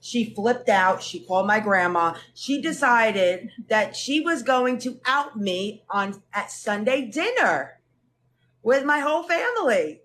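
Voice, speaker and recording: A young woman in casual chat, telling family stories with lively acted-out quotes. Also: on the high side, slow, slight background noise. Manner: animated, acts out family quotes. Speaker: guest.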